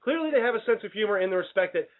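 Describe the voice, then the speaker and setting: A man's voice: high-pitched, expressive, very fast. A man hosting a comedy radio show, rambling with stumbling restarts and mock indignation. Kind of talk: casual comedic radio banter. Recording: tinny phone-like radio sound.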